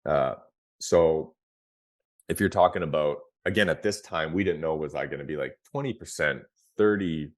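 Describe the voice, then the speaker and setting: Guy in his 30s with a super deep voice just talking it out, loose, lots of um and like. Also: moderate pace. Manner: relaxed, frank, peppered with fillers and restarts. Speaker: podcast guest, former pro hockey player. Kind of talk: candid conversational storytelling.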